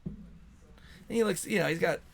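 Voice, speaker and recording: A man's voice: high voice, normal speed, gravelly, slight background noise. A man narrating as game master in a casual, descriptive way.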